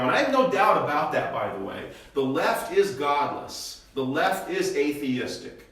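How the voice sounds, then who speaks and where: An older pastor's fairly bright, mid-range voice fills an echoey church classroom as he leads Bible study. He poses rhetorical questions and habitually adds "okay?" to his sentences, recorded by a distant mic.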